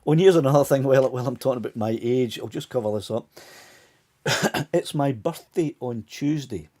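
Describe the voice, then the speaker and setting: A Scottish man of about sixty chats his way through a live stream, chuckling and restarting his sentences as he rambles. His voice sits at an ordinary middle pitch but sounds warm and mellow, a little tired as the hour goes on. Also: fairly quick. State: voice tiring, fading. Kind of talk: casual live stream chat.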